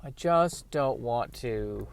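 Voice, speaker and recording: A man hosting a solo podcast, rambling in a halting, self-mocking way with frequent restarts, while on the way to work in his car. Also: mid-range voice, animated, creaky, smooth, no echo. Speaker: podcast host. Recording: road noise from a moving car.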